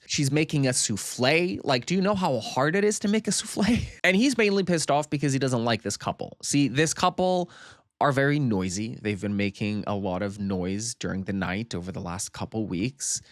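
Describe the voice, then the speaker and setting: A man's voice: medium pitch, dry recording, studio quality. Foul-mouthed sarcastic man recapping a movie. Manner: profane, sarcastic, animated storytelling. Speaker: movie reviewer.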